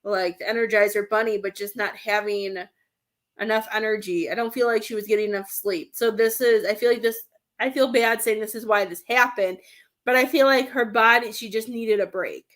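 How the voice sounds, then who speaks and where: A woman's voice: on the high side, steady tone, normal speed, a bit bright. Rambling woman giving a reading. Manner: rambling, hesitant, searching for words. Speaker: psychic medium. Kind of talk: live-stream reading.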